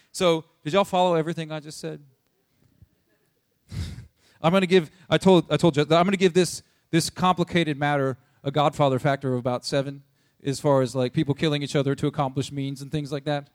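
A young man with a slightly high voice retells a sermon story in a loose, slangy way. He keeps breaking into quick voices for the people in it. The sound is dry and close, with no room around it. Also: dry recording. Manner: animated, slangy, jumps into voices for quoted people. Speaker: preacher.

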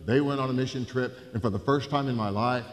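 A man, a pastor telling a story in a sermon, swinging from hushed to loud. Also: medium pitch, fast. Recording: reverberant church hall.

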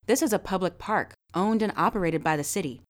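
A woman's voice: fairly low pitch, close to an everyday voice. Doctor Graves, a woman reading a firm older professor. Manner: firm and measured.

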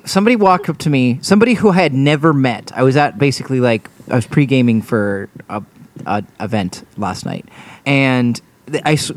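A young man co-hosting a casual chat, telling stories with quick laughs. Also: medium pitch. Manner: animated storyteller, quick laughs. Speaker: podcast co-host.

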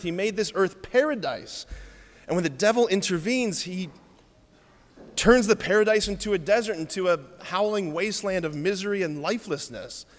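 A man preaching a sermon, telling stories with lively, playful asides to the congregation. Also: high voice, big-room sound.

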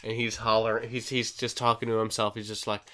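This man hosts a podcast and goes over an episode in a loose, filler-heavy ramble. His voice is fairly low and a little bright, with little pitch movement, and he talks briskly.

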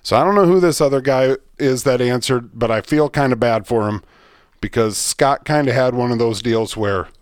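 A man's voice: medium pitch, moderate pace, clean tone, no room sound, studio quality. A man co-hosting a podcast, ranting and telling a story in profane casual chat. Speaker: podcast co-host. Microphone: studio mic.

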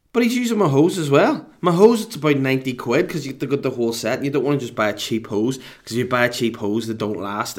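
A man with a Scottish accent telling a rambling, sweary story at home with comic exasperation. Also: mid-range voice. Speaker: dad telling a story to camera. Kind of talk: casual rambling anecdote.

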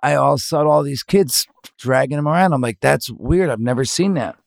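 A man with a gravelly, creaky edge to his mid-pitched voice, speaking into a close studio mic. He tells animated stories in casual podcast chat and jumps into the quoted voices, sometimes laughing. The sound is dry and close, with no room around it. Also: normal speed, no room sound. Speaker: podcast co-host, father.

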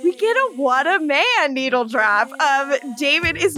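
A woman co-hosting a podcast, recapping an episode in casual chat, animated and profane, acting out the characters' lines. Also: high voice, measured pace, few pauses, faint music behind. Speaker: podcast co-host.

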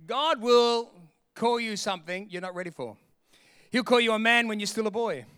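A man preaching a sermon in an animated way, acting out voices and laughing often. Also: high-pitched, moderate pace, smooth, no room sound, studio quality. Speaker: pastor.

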